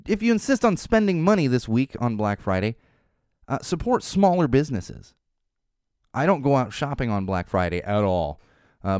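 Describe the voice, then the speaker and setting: A man's voice: medium pitch, a little mellow, clean tone, no room sound, studio quality. A man hosting a casual solo podcast, rambling with a wry tone and restarting his sentences often. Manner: rambling, wry, repeats words while restarting. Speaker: podcast host.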